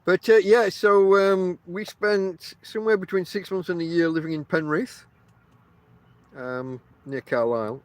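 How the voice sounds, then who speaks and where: A middle-aged northern English man whose accent blends Yorkshire and Lancashire talks in a slightly high voice, meandering through his story with fillers and restarts. He speaks right into the mic outdoors, with a dry, close sound and no room around him. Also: measured pace, no room sound. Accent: northern English, mixed Yorkshire and Lancashire. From England. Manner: meandering, chatty, many ums and restarts, addresses listeners directly. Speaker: podcast host. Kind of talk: casual rambling monologue to listeners. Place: outdoors on the coast.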